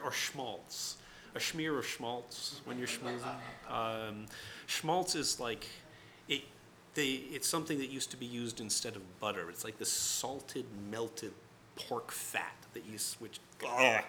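Bright-voiced man telling a rambling story. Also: mid-range voice, slight background noise. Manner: conversational, digressive, with many fillers. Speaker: writer. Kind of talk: personal storytelling talk.

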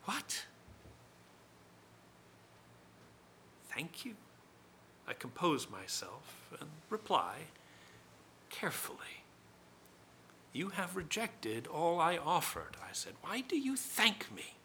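A man's voice: fairly high pitch, wildly swooping pitch, slow pace, vocal fry, bright, forceful tone, slight background noise, full character voice. A man performing a dramatic first-person monologue as a proud, bitter male spirit of accusation, scornful and declamatory. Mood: indignant.

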